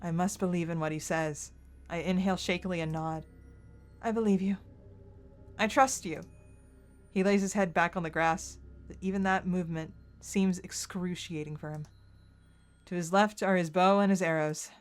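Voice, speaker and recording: A woman's voice: on the low side, steady tone, moderate pace. A woman streaming a visual novel playthrough, reading the story aloud in her own voice. She reacts with strong emotion and sudden outbursts as she goes. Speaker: game streamer.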